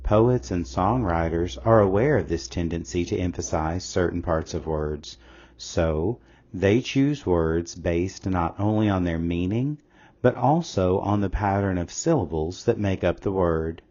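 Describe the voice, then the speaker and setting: Deep voiced guy reading a school lesson slow and steady, kinda dull lo-fi sound. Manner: slow, measured, explanatory. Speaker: narrator of an English lesson. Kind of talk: scripted educational narration. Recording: slightly dull lo-fi audio.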